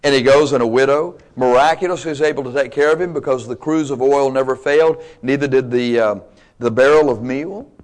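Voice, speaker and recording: A man with a mid-range voice preaches a sermon a little fast. He's emphatic and dynamic, swinging between loud and quiet and tossing playful asides to the congregation.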